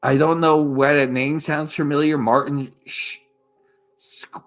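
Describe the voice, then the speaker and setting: A man with a fairly high voice hosts a live stream, talking in a loose, crude, rambling way and circling back over the same points. Faint music plays softly behind him. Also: flat delivery, unhurried. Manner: crude, rambling, repeats himself. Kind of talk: casual chat.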